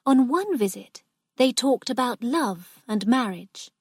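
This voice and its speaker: A woman narrating a graded storybook for language learners in a clear, steady way. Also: fairly high pitch, measured pace, dry recording, studio quality.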